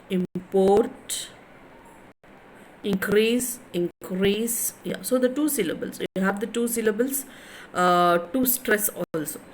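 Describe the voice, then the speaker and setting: Woman lecturer, Telugu accent, slow and repetitive, light background noise. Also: medium pitch, fairly bright tone, poor audio. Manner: slow, repetitive, drawn-out words. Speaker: college English lecturer. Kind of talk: classroom lecture.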